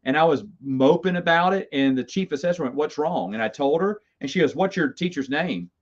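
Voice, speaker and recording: A man's voice: on the high side, lively intonation, fairly quick. A middle-aged man casually telling stories about his college days, rambling and self-amused, with stammered restarts. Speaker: host. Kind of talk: casual storytelling. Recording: slightly dull lo-fi sound.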